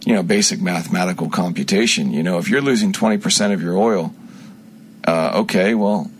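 Talking fairly fast in a low-pitched voice, a man styling himself a prophet delivers a rambling, unscripted radio monologue over slight background noise. He keeps restarting and shifts suddenly between shouting and quiet.

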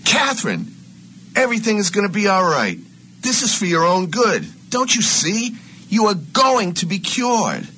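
A man reading lines slowly and deliberately for an amateur audio drama, in a noisy home recording. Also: sits high, huge pitch swings, bright, forceful tone. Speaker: voice actor.

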